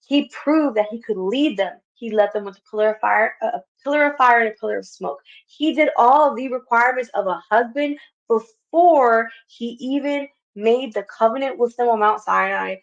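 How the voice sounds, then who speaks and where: A woman's voice: a little high, normal speed. A woman hosting a Bible study, teaching earnestly and repeating her phrases. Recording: dull lo-fi recording.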